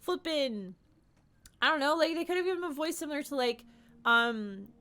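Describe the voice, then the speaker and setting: A young woman streamer giving casual, animated gaming commentary, ranting and giggling. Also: high voice, moderate pace.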